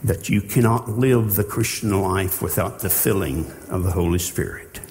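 A man preaching a sermon in a slow, earnest way, with halting restarts. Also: deep voice, creaky, darkish tone, slight background noise. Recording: long hall reverb.

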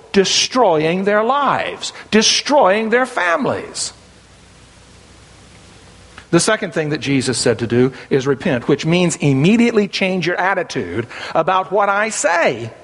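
A man's voice: high voice, fairly bright tone, long reverb tail. A middle-aged man from the American South with a Southern accent, preaching an earnest sermon in a church. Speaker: pastor. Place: church sanctuary.

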